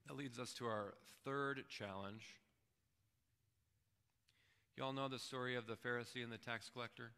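A man pastor preaching a sermon in a relaxed, conversational way, often checking in with his listeners. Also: mid-range voice, normal speed, creaky, long pauses, clean tone, big-room sound. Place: church sanctuary.

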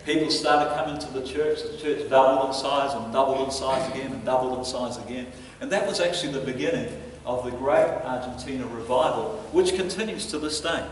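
A man preaching a sermon as pastor, telling stories in an animated way and chuckling between lines. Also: medium pitch, a little fast, hardly any pauses, slight background noise. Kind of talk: storytelling sermon. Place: church hall. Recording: echoey church hall from a distance.

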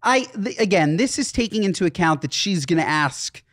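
Musing man with a lively voice. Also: high-pitched, normal speed, no echo, clean studio sound. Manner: musing, talks things through with restarts and little acted asides. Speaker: podcast co-host. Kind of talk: casual chat.

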